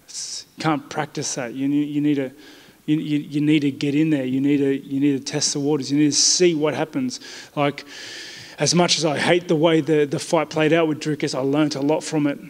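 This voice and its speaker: Aussie fighter at media day: relaxed, blunt, slightly high-pitched, reverberant room. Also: male voice, a little fast. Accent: Australian. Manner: blunt, laid-back, says mate often. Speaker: fighter interviewed by press. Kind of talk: casual press interview. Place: media day press area indoors.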